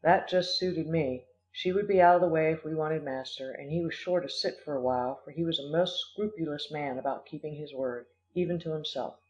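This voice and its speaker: A man narrating an audiobook in a measured, expressive storytelling manner. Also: on the high side. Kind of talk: audiobook reading. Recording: dull lo-fi recording.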